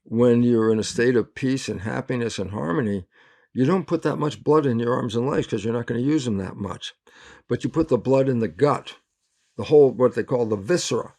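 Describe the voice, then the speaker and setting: A male scientist as an interview guest, explaining in lively storytelling and acting out both sides of remembered conversations, laughing often. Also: medium pitch, fairly quick. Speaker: interview guest, cell biologist.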